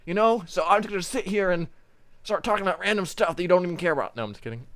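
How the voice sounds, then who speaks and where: A man at a home mic, clowning around between voice-acting takes with self-mocking rambles and sudden loud line reads. His tone is smooth and clear, recorded close and dry with no room sound. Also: sits high, fast, no room sound. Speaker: voice actor recording lines.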